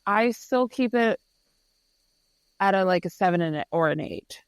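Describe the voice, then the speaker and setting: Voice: mid-range voice, animated, moderate pace, clean tone, dry recording. A podcast co-host who reacts bluntly and gives short opinions. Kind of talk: casual chat.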